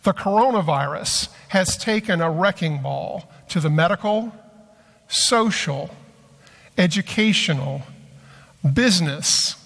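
Slow-speaking high-voiced man preaching. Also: a bit bright. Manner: slow, measured storytelling delivery. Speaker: pastor. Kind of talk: sermon. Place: church sanctuary. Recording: long church hall reverb.

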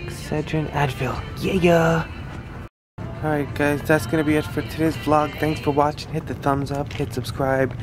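A young woman with a deep, level voice vlogs casually at a moderate pace, chatting straight to her viewers and slipping into playful baby talk with her toddler. Music plays in the background of this family vlogger's to-camera chat.

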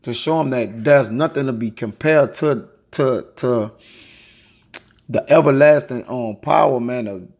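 A Bible teacher, male, gives a quick and informal scripture lesson, reading verses out loud and sprinkling in "man" and "all right." His voice sits mid-range with a somewhat dark tone.

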